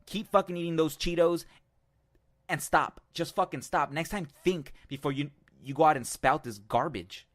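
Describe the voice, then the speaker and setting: A man's voice: on the high side, moderate pace. A man hosting an online show and delivering heated, profane commentary on a clip he has just played. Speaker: show host. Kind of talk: ranting commentary on a video clip.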